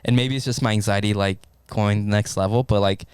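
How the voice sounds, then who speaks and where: A man in a casual podcast chat, telling a story in an animated way and swearing constantly. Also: on the low side, fairly quick, clean tone, no room sound. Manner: animated, swears constantly, acts out his own panic. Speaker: podcast co-host.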